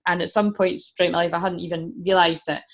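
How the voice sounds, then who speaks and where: A woman's voice: fairly low pitch, level tone, fast talker. A woman giving a casual tarot reading, chatty, swearing freely and laughing often. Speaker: tarot reader.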